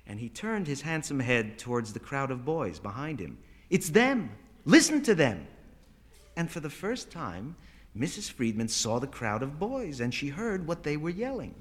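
A man narrating a story aloud with animated, dramatic delivery. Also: mid-range voice, moderate pace. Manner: animated, voices characters.

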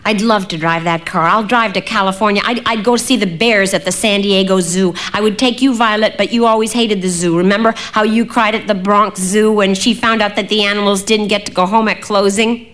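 A woman voicing an excitable, troubled adult sister who rambles eagerly. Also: medium pitch, brisk, few pauses, voice pushed up, natural voice.

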